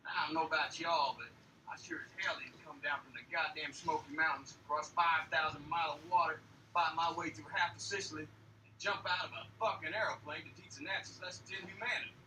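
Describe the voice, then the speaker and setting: A man's voice: fairly high pitch, steady tone, fairly quick, bright, forceful tone, slight background noise. An actor playing a tough Southern American army lieutenant who drawls and swaggers as he rallies his men, with a Southern accent. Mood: gruff. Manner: drawling, gruff, swaggering speech. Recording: film clip played in an echoey room from far off.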